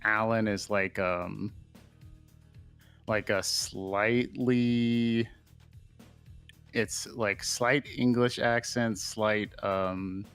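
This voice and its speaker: A man's voice: on the low side, steady tone, drawn-out words, long pauses, a bit bright, clear, resonant tone, soft background music. A man chatting casually during a visual novel read-along, rambling and joking in stop-start sentences. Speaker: co-reader. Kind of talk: casual chat.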